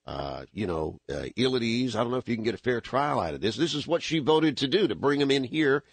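Husky, animated male talk radio host. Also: mid-range voice, brisk, no room sound. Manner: animated, rambling, frequent restarts and fillers. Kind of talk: conservative talk radio commentary. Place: radio studio.

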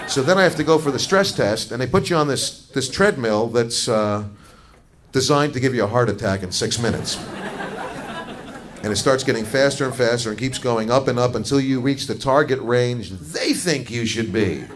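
A man's voice: mid-range voice, normal speed, a faint crowd. A man doing a crude, self-mocking stand-up comedy routine, telling a story to a laughing audience. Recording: noisy live comedy recording.

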